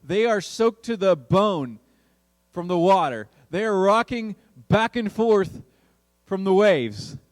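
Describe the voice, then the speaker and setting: A man preaching a youth sermon, telling a story with big swings in pitch and volume. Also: expressive, takes it slowly, big-room sound. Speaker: youth pastor.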